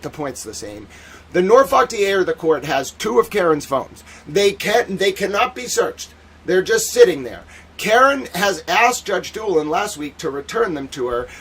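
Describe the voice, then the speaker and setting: A man hosts a casual legal commentary stream, chatting in an animated, sarcastic way and mocking people with whiny put-on voices. His voice is high and slightly rough.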